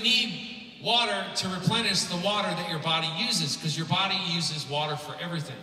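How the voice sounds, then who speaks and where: Bright-voiced man joking in a hall. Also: sits high, normal speed. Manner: rambling, joking, chatty with many fillers. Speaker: musician giving a keynote. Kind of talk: humorous conference talk. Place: large conference hall. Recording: echoey hall, from far off.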